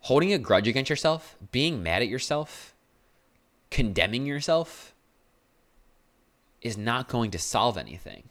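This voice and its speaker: A young male podcast host speaks in a mid-range, fairly bright voice, animated yet unhurried and pausing often. His casual motivational monologue is blunt and earnest, delivered in a tone he describes as aggressive.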